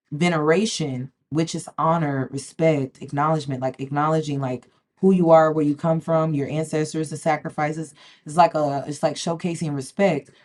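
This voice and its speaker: A woman, talking casually and emphatically to camera as a spiritual vlogger, repeating herself and often asking "okay?". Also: low-pitched. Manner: emphatic, repeats words, keeps checking in with "okay?". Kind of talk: casual direct-to-camera talk.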